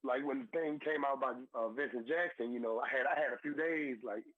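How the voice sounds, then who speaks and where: A man's voice: mid-range voice, brisk, dry recording. A man in his thirties, a former football player, calling in as a guest on a radio show. He talks in an emotional, earnest way, is close to tears and repeats himself. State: tearful. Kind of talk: phone-in radio interview. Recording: tinny phone line.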